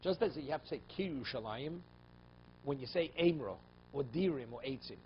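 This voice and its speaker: Teaching a Talmud class, a rabbi reads out Aramaic passages and explains them in English, frequently asking "okay?" and "right?". His male voice is medium in pitch, animated, and brisk. Faint room noise sits under a slightly dull recording.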